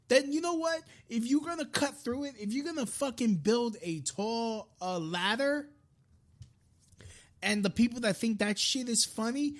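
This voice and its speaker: A man's voice: very high voice, expressive, moderate pace. A man hosting a live-streamed podcast, delivering a frustrated, profane political rant with frequent restarts. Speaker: podcast host.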